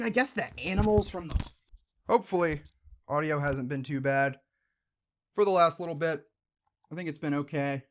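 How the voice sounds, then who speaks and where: A young man with a mid-pitched voice chats casually while opening card packs. He drifts through rambling asides and breaks into excited exclamations over the shiny pulls. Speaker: card-opening video host. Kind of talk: casual pack-opening chat.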